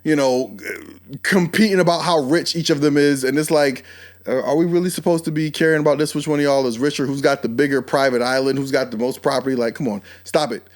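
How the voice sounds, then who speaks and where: A man hosting a podcast, giving casual, animated commentary and talking straight at the people he discusses. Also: medium pitch, a little fast. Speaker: podcast host.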